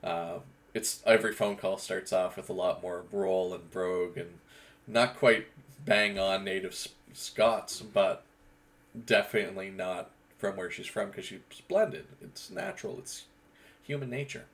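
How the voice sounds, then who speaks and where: Male gaming host who rambles casually, low and gravelly. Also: measured pace. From Eastern Canada. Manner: rambling, with frequent restarts and fillers. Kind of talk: casual monologue.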